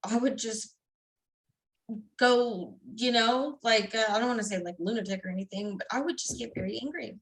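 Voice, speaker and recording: Candid woman guest, slightly high voice. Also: normal speed, poor audio. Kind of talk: casual personal testimony.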